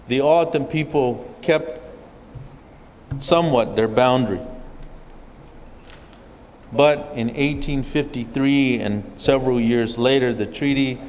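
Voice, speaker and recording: Slow, deliberate man in a reverberant chamber. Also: medium pitch, darkish tone, a little hiss or hum. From O'odham community, Arizona. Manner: measured storytelling, occasional restarts. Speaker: forum speaker. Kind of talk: spoken history talk at a public forum. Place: legislative chamber at a state capitol.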